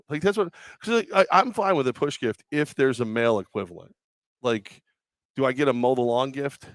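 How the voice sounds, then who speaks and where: Loud, animated male radio co-host. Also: medium pitch, a little fast, no echo. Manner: loud storyteller, acts out voices with shouts. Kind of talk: casual sports talk banter. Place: live remote broadcast at a car dealership.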